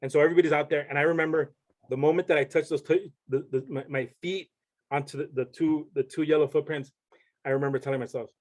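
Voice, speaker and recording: A man's voice: fairly high pitch, steady tone, fast talker. A young man, a podcast guest, telling a story in casual chat and rambling with many restarts.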